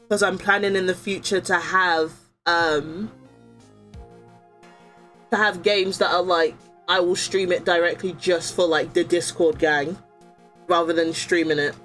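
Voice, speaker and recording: A young adult woman streaming a game, chatting excitedly with her viewers and reading the game's dialogue aloud. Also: lowish voice.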